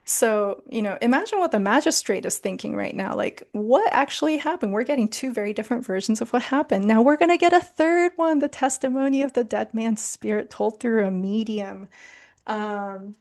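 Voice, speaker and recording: A woman's voice: a little high, animated, normal speed, a little mellow. A woman leading a casual book club discussion, summarizing a story in a chatty way with many fillers.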